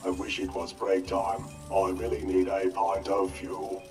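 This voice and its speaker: A man voicing a dull, working-class male robot guard in a video game, gossiping in a flat way. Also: sits low, unhurried. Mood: chatty. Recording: echoey, distant. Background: loud game music.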